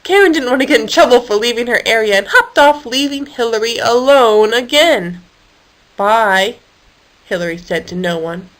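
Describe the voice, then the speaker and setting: A woman reading a children's animal story aloud in a lively, expressive way. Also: a little high, brisk, hardly any pauses, low-quality recording.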